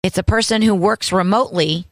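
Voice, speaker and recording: A woman co-hosting a radio show, running briskly through items. Her voice sits at an ordinary middle pitch, close on a studio mic. The sound is dry. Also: no room sound. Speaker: radio co-host. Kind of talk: morning radio show chat.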